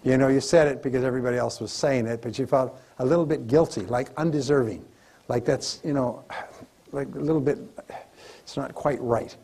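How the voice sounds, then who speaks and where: A man's voice: medium pitch, brisk, vocal fry, dark tone. A man giving a motivational seminar lecture to a live audience, emphatic and repetitive as he coaches them. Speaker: motivational speaker.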